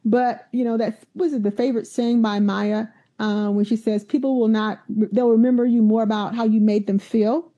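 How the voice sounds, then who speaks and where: Animated woman telling stories, muffled sound. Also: on the high side, moderate pace, hardly any pauses. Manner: animated storyteller, acts out quoted voices. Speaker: university president, guest. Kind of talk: conversational interview storytelling.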